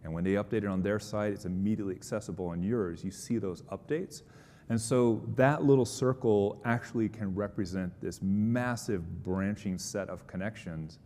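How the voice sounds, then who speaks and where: In a conference hall with long reverb and a faint rumble, a man with a mellow voice answers audience questions at a moderate pace. His presenting style is upbeat, explanatory and conversational.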